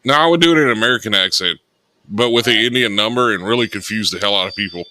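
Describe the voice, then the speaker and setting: A man's voice: lowish voice, racing, pushed and bright, rough recording. A man co-hosting a casual radio talk show, joking and riffing on bits. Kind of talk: casual comedic chat.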